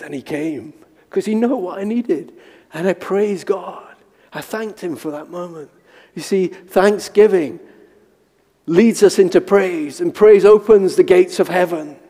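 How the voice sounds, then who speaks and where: A man preaching in a reverberant church hall, with a slightly high voice that rings out in the long reverb. He tells stories and mimics the people in them, and puts on a squeaky high voice for his own lines. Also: mellow. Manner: storytelling, acting out quotes with high squeaky voice for himself. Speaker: pastor. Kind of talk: sermon with personal stories.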